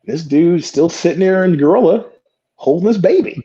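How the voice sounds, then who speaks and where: A wrestler appearing as a podcast guest tells a story full of profanity, animatedly acting out the quotes. His voice is high-pitched and slightly rough at a normal speed, and the audio sounds dull.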